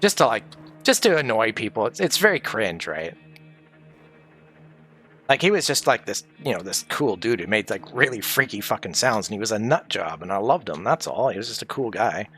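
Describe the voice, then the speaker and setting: A man's voice: fairly low pitch, sing-song, normal speed, a bit bright, soft background music. A man streaming from home, grieving, talking candidly in a rambling, sweary way. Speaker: livestreamer. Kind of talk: casual livestream chat.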